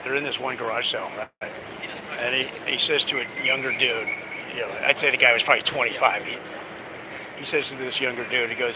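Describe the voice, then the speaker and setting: Out on city streets, a vlogger chats casually, rambling with plenty of fillers and chuckles. His mid-range voice is fairly quick with fairly even intonation, and loud traffic and street noise fill the recording.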